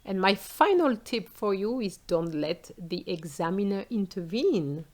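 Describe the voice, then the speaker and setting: Slow, patient French woman teacher. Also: mid-range voice, lively intonation, a little mellow. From France. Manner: slow, clear explaining, switching into example phrases. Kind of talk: exam tips lesson.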